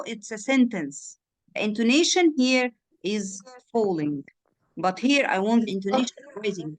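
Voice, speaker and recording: A woman's voice: medium pitch, lively intonation, moderate pace. A woman, a native Arabic speaker, tutoring in English over a video call, patiently drilling words and checking the student understood. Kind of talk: one-on-one online lesson.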